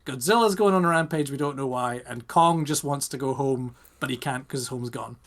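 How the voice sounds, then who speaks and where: A man's voice: medium pitch, brisk, fairly bright tone. A young British man co-hosting a podcast, rambling in casual chat and firing off rhetorical questions. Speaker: podcast co-host.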